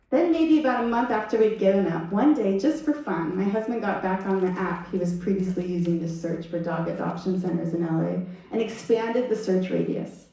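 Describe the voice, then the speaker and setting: A woman giving a storytelling talk at a Sunday service, animated and laughing as she acts out what people said. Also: mid-range voice. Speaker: guest speaker. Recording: echoey hall, voice from far off.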